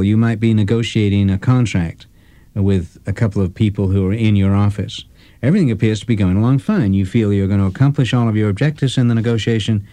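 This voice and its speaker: Low, mellow-voiced man teaching negotiation. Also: no room sound. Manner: acts out quoted dialogue in small voices; asks the listener rhetorical questions. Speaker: sales negotiation trainer. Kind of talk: recorded lecture.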